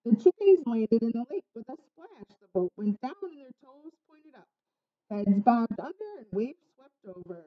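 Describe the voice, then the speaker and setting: A woman reading a children's picture book aloud in an expressive, singsong storytelling manner. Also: fairly high pitch, normal speed. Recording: slightly muffled lo-fi recording.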